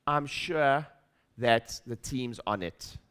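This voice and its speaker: At a practice-building seminar, a middle-aged man talks slowly in a smooth, medium-pitched, slightly bright voice. His motivational stage talk is emphatic and repetitive, as he plays out his own inner doubter and asks the audience questions.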